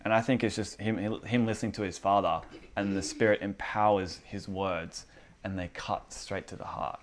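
A man with a fairly low voice tells faith stories in a loose, casual chat. He acts out the people in them with lively energy and jumps between points as he goes. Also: normal speed, slight background noise. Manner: animated storyteller who acts out quotes. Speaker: church teaching night leader.

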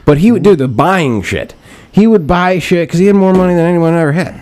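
A young man hosts a casual podcast chat, his high-pitched, slightly mellow voice expressive and fairly quick. He swears a lot, laughs often, and acts out quotes as he tells his stories.

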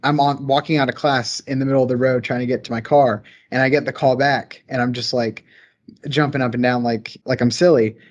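A man's voice: medium pitch, fairly even intonation, a little fast. Eager young Southern-accented man. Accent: Southern American. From rural American South. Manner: eager, enthusiastic, rambling storyteller. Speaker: guest, engineer. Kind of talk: casual podcast chat.

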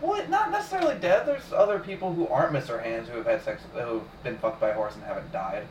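A man's voice: mid-range voice, big pitch swings, fast, a crowd in the background. A man teasing his friends sarcastically in casual podcast banter. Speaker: podcast co-host. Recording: echoey room, distant mic, faint noise.

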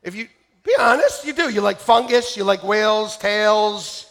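At a church service, a pastor with a very high-pitched, bright, gravelly voice delivers a comic storytelling sermon at a moderate pace. His pitch swings widely as he tells funny stories, and he often breaks into loud shouts.

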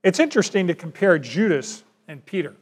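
Folksy preacher man, fairly high voice. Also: big pitch swings, fairly quick. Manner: folksy, conversational preaching with acted asides. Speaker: pastor. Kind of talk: sermon.

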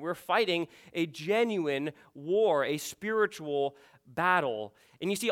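A man's voice: high-pitched, fairly bright tone, smooth. A man preaching a sermon to his congregation in an earnest, emphatic way, often repeating "you see". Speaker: pastor.

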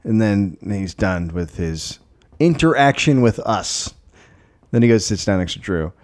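A man's voice: lowish voice, expressive, a little slow. A middle-aged man co-hosting a casual comedy podcast, telling stories with acted-out quotes and plenty of swearing. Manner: storytelling, acts out quotes, swears. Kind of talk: casual chat.

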